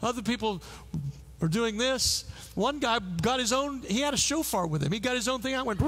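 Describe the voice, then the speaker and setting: A man preaching a sermon, telling stories in an animated way with frequent restarts. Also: extremely high pitch, brisk. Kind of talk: sermon with storytelling. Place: church service.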